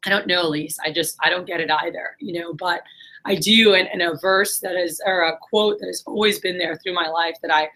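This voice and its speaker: A woman's voice: on the low side, steady tone, brisk, bright, forceful tone, low-quality recording. Earnest rambling woman vlogger. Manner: rambling, earnest, many fillers. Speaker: vlogger, business manager. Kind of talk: casual motivational talk.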